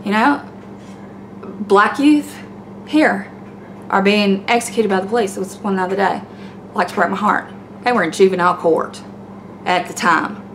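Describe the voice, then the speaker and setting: A woman's voice: medium pitch, moderate pace, long pauses, fairly bright tone, slight background noise. A middle-aged woman with a Southern accent, ranting blunt commentary in a home vlog, preachy and fired up, with some cursing. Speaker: YouTube commentator. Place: home, by the laundry.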